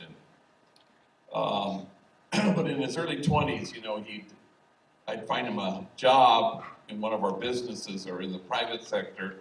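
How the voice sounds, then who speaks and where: A man in his sixties, a priest telling humorous stories in a public talk at a university event hall. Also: fairly low pitch. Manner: humorous, anecdotal, unhurried. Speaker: priest and speaker. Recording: echoey hall, distant mic, faint hiss.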